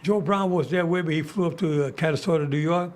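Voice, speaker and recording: Older man, host, casual storytelling, restarts and fillers, fairly high pitch. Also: fast. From United States. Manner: rambling, many restarts and fillers.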